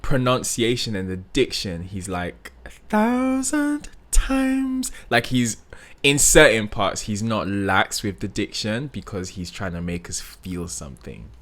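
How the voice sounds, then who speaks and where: Slow-talking male vocal coach, sings snippets. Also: on the low side, a bit bright. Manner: analytical, with many "like" fillers, sings snippets to demonstrate. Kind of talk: reaction commentary.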